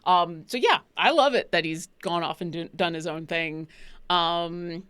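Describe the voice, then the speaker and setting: A woman chatting casually about her tabletop role-playing game, animated and laughing often. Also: fairly low pitch, measured pace, smooth, no echo. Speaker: player.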